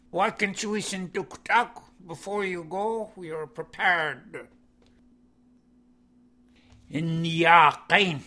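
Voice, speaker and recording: A man teaching vocabulary. He says each word, then explains its meaning in plain, halting English with many "you know"s. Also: a little high, bright, forceful tone. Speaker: language teacher.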